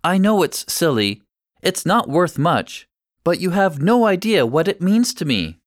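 A village woman with a sharp, interrupting manner, put on by a man reading aloud, her voice lifted high and swinging widely in pitch. She speaks in a storybook reading recorded dry and close, with no room around it. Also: big pitch swings, no echo. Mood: grateful. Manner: accusing, quick to interrupt. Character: upset village woman, sharp then grateful. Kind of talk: audiobook reading.

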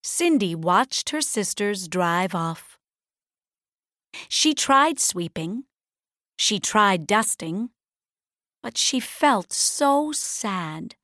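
A woman reading a children's fairy tale aloud, clearly and deliberately. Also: mid-range voice, lively intonation, fairly bright tone, dry recording, studio quality. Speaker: storybook reader. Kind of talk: slow read-aloud storybook narration.

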